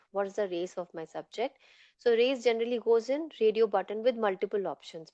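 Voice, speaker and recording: A woman's voice: mid-range voice, a little mellow, no echo. Woman instructor, explanatory lecture, frequent fillers, dull dry audio. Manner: explanatory, many fillers like "okay" and "you know". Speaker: clinical data management instructor. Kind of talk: online lecture.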